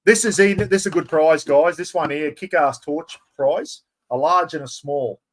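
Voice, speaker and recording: A middle-aged Australian man hosting a live giveaway stream, chatty and excitable, full of blokey slang. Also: on the high side, normal speed. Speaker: livestream host.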